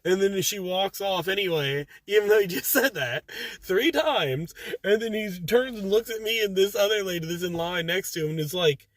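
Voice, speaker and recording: A man who drives food deliveries, telling a story in a casual vlog, animated and saying dude a lot, filmed in his car. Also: sits high, moderate pace, dry recording. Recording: dry, a bit distant from the mic.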